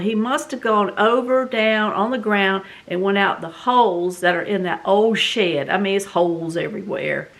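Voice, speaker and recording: A middle-aged woman with a Southern US accent tells a story in a casual, animated, dramatic way, full of fillers. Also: mid-range voice. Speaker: vlog host.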